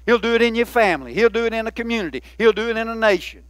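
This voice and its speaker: High-voiced man preaching a folksy sermon. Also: rapid-fire, fairly bright tone, no room sound. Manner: folksy, conversational preaching with many asides. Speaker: pastor.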